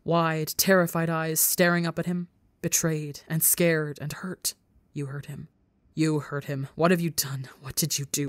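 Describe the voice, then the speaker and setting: A woman with a low voice narrates a story podcast, reading with intense feeling. The recording is dry and close, with no room sound. Her delivery swings between hushed and urgent. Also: flat delivery, unhurried, no echo. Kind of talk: audiobook narration of fan fiction.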